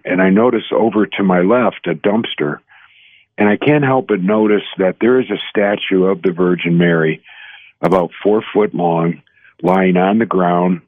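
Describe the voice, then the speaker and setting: A man in his sixties, a guest telling a personal story in earnest, halting speech with many restarts, heard over a phone line. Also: low voice, dry recording. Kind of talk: personal testimony in an interview. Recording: tinny dry phone line.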